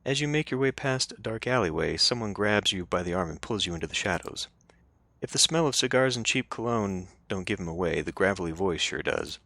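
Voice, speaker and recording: A man's voice: low voice, lively intonation, fairly quick, gravelly, pushed and bright, no room sound. A man playing a story game, reading its narration aloud and breaking off into casual joking asides. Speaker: let's play streamer.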